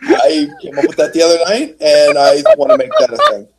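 A man's voice: a little high, huge pitch swings, fairly quick, a loud crowd, poor audio. A man co-hosting a wrestling podcast in a joking, easygoing chat. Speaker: podcast co-host.

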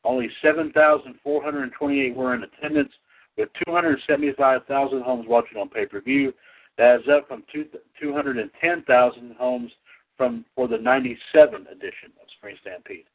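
Man from North Carolina, folksy radio host, animated gravelly voice, tinny phone audio. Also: mid-range voice, normal speed. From North Carolina area. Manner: folksy, chatty, coughs and clears throat, lively. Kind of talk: casual radio hosting and history segment.

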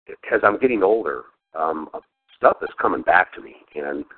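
A man's voice: low voice, animated, moderate pace, breathy edge, no echo. Laughing, cursing man on a tinny line. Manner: profane, laughs often while telling stories. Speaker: podcast host. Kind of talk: casual storytelling chat. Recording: phone-like narrow sound.

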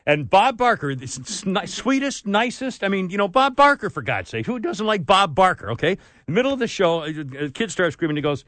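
Lively rambling man radio host. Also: high-pitched, dry recording. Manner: rambling storyteller, quick laughs. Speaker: radio talk show host. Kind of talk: casual radio talk. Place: radio studio. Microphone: studio microphone.

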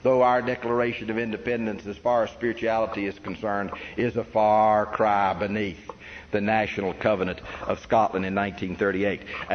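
A man delivers an emphatic sermon, building to stressed points and asking the room questions. His voice sits at an ordinary middle pitch. The recording is dull and lo-fi, with a long hall reverb and a faint hiss underneath. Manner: earnest, emphatic, with rhetorical questions. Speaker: preacher. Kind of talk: sermon lecture on church history.

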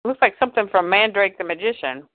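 A woman's voice: mid-range voice, expressive, fast. A woman co-hosting a casual show, chatting and reading a comic story aloud over a phone-like line. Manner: chatty, narrates with quotes. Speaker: podcast co-host reading a comic.

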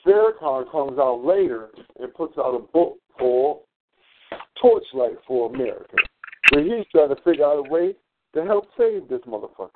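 A man's voice: on the high side, sing-song, moderate pace, a little hiss or hum. Rambling man on a tinny phone line. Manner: rambling, profane, searching for words. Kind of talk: casual radio talk.

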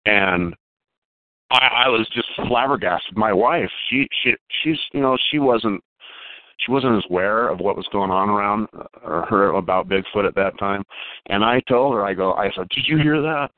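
A man calling in to tell a long personal story, halting and repeating words as he goes. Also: fairly low pitch, no echo. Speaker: caller telling a Bigfoot encounter. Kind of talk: casual storytelling on a call. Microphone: phone. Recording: tinny dry phone line.

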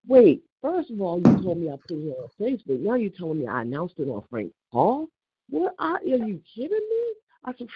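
An older woman on a casual phone call, telling an animated, indignant story and acting out the back-and-forth of what was said. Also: lowish voice, slightly rough, dry recording. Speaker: caller.

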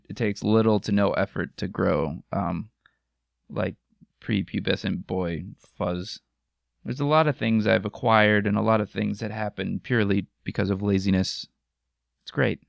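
American guy rambling on his podcast, kinda gravelly, jokey and self-mocking, dead dry room. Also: lowish voice, dry recording. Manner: self-mocking, joking, laughs often. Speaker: podcast host. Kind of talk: casual solo podcast chat. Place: home room with microphones. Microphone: studio microphone.

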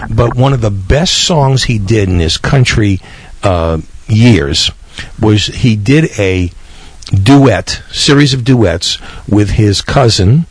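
A man's voice: fairly low pitch, breathy edge, no echo. A man, hosting a podcast in a rambling, chatty way with small laughs. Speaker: podcast host. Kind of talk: casual radio-style podcast hosting.

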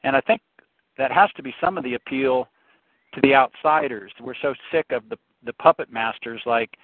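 A man's voice: mid-range voice, normal speed, dry recording. Impassioned man ranting over a tinny line. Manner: impassioned, storytelling, frequent restarts. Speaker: talk show co-host. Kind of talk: opinionated political rant. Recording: tinny phone-like, dry sound.

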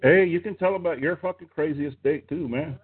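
A man's voice: a little high, brisk, background noise. A middle-aged man telling a crude, rambling story in casual chat, swearing freely and laughing as he goes. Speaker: storyteller on a podcast. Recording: tinny phone-like line, husky.

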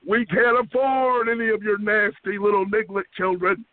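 A man's voice: sits high, little pitch movement, normal speed. A man caller ranting with hostility on a group phone line, repeating chanted taunts over and over. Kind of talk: aggressive prank-call ranting.

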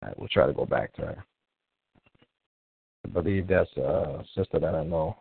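A man's voice: very deep voice, big pitch swings, normal speed, vocal fry, slightly rough, no room sound. A man hosting a live call-in show in a casual, rambling way, often restarting as he tries to reach callers. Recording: tinny phone-line sound, dry.

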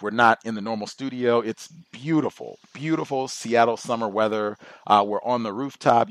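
A man's voice: medium pitch, no echo. Storytelling male podcast host, dry sound. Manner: conversational, animated when quoting others. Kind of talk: casual monologue storytelling.

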